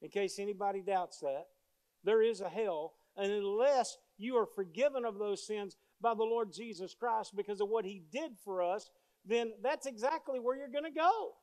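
A man's voice: high voice, normal speed, a little mellow. A male pastor preaching a sermon with emphasis, repeating key phrases as he tells stories.

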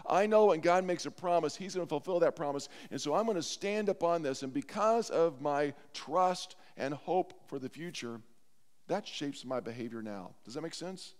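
A man preaching a sermon as pastor, earnest and slowing down to stress scripture lines. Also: fairly high pitch, animated, long reverb tail. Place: church sanctuary.

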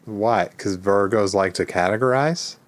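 A man's voice: on the low side, a little slow. A man co-hosting a casual podcast, joking in a dry, self-mocking way. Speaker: podcast co-host.

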